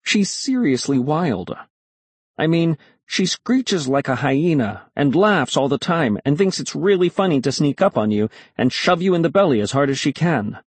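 A man's voice: a little high, big pitch swings, normal speed, breathy edge, no room sound. A man reading a children's story aloud in the first person, expressively. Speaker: audiobook narrator.

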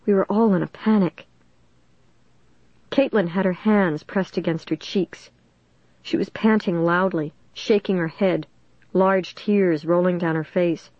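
A woman's voice: on the low side, steady tone, unhurried, darkish tone, no echo. A woman narrating a storybook in a tense, dramatic reading. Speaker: audiobook reader. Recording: dull dry recording.

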